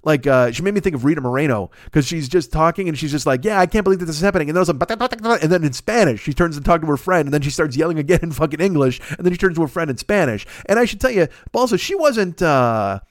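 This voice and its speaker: A man hosting a podcast, telling a long comic anecdote in a casual, profane, animated way into a close mic. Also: on the high side, quick pace, hardly any pauses, no echo. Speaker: podcast host. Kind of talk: casual comedic storytelling.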